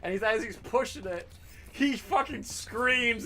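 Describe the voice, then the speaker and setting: A man in his thirties hosting a gaming livestream, telling profane, animated stories with frequent laughter. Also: extremely high pitch, measured pace, very noisy. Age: 30s. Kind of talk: casual livestream chat and storytelling.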